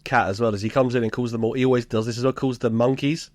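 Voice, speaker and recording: A man's voice: mid-range voice, quick pace, no echo. Laughing man recapping a sitcom. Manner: laughing, swearing, animated retelling. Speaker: podcast co-host. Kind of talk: casual chat recapping a sitcom.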